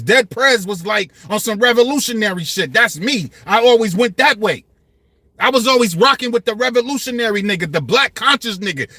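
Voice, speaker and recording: A man's voice: high-pitched, pushed and bright, no echo. A man in his fifties hosting a hip-hop commentary channel, talking passionately and emphatically in street slang. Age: 50s. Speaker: channel host.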